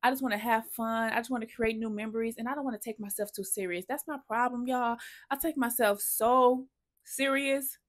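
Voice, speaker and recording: Emotional, effusive woman vlogger, slightly high voice. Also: fairly even intonation, a little fast. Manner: emotional, effusive, swears freely. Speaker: sneaker vlogger. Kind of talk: casual vlog to camera.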